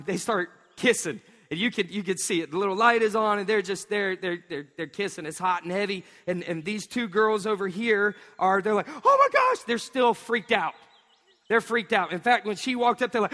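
A man, preaching a sermon in an animated storytelling way. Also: high voice. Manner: storytelling, animated, acts out voices. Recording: long hall reverb.

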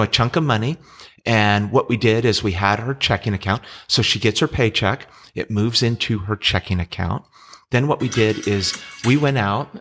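A man's voice: on the low side, a bit bright. A middle-aged man co-hosting a casual podcast, patiently explaining investing with frequent restarts.

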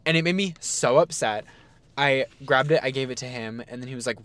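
A young man co-hosting a casual podcast, retelling a story with lots of "like" fillers and animated asides. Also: mid-range voice, fairly quick, pauses often, smooth, no room sound. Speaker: podcast co-host.

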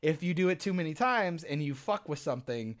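A young man co-hosting a casual podcast chat, telling stories in an animated, profane way and acting out his own reactions. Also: a little high, a little fast. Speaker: podcast co-host.

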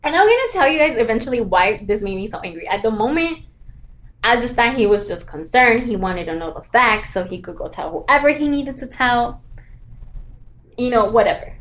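Animated young woman telling a story. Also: fairly high pitch, moderate pace. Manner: animated storytelling with many "like" fillers, acting out quoted voices. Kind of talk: casual chat.

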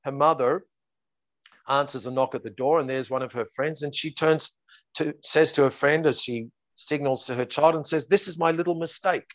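A man's voice: medium pitch, steady tone, moderate pace, fairly bright tone, no room sound. A man, a therapist, explaining his method in an interview. He talks in a methodical, repetitive way and sometimes acts out exchanges with his clients. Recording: dull lo-fi dry audio.

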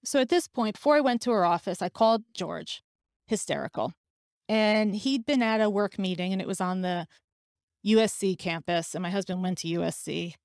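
A woman's voice: mid-range voice, normal speed, darkish tone, no echo, studio quality. A woman hosting a podcast, telling a personal story candidly and emotionally, acting out the voices of people she quotes. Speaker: podcast host.

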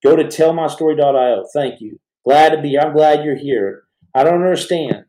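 A man's voice: on the high side, a little fast, mellow. A middle-aged man hosting a live podcast, talking fervently to viewers in a rambling way with many restarts. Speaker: podcast host. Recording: roomy echo.

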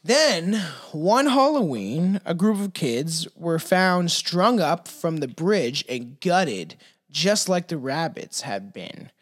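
A man's voice: on the high side, very animated, slow. A man co-hosting a podcast, casually telling a spooky legend with stumbles, swearing and laughs. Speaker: podcast co-host.

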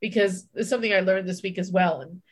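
A woman's voice: lowish voice, fast, husky. A woman co-hosting a podcast, telling a personal story in casual chat, candid, swearing and acting out her own inner voice. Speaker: podcast co-host.

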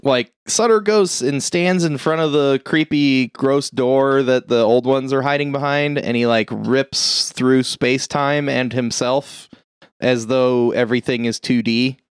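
Young guy, casual recap, profane and animated, squeaks up high for quotes, dry close sound. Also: a little slow, clear, resonant tone, dry recording. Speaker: podcast co-host retelling a film. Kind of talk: casual chat.

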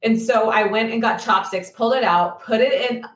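A woman's voice: a little high, normal speed. A woman co-hosting a podcast, telling a personal story in a matter-of-fact, casual way over a video call. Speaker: podcast co-host. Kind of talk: casual chat. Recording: roomy sound, far from the mic.

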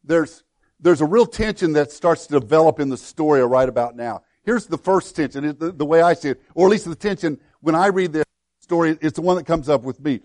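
A man's voice: fairly high pitch, expressive, brisk, darkish tone, no room sound. Earnest middle-aged man preaching. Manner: earnest, conversational preaching that acts out quoted prayers. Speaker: pastor. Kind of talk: sermon.

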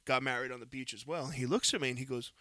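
A man spins a heated story in a casual podcast chat, swearing freely and getting louder as he goes. His voice sits at an ordinary pitch, heard close and dry with no room around it. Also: fast, dry recording. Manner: animated, profane, heated retelling.

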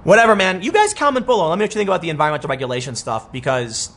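A man in his thirties giving casual political commentary, animated and rambling, with many restarts and quoted asides. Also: on the high side, very fast.

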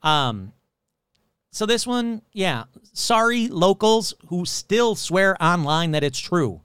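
Male comedic podcast host, profane and sarcastic, lively pitch, clean close dry mic. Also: takes it slowly, smooth, no echo. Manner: profane, sarcastic, rambling, mocks locals in silly voices. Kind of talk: casual comedic podcast monologue.

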